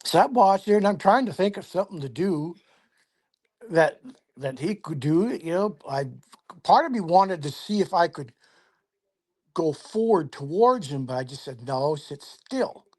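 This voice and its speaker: An older man, a podcast guest, tells a first-person story in a measured, vivid way and drops to a hush at the tense moments. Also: sits high, lively intonation. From Tacoma, Washington, USA.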